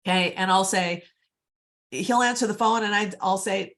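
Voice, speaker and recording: A woman's voice: medium pitch, moderate pace, a bit bright. A woman coaching real estate agents in a live online session, chatty and upbeat, often calling her audience guys, on a computer mic.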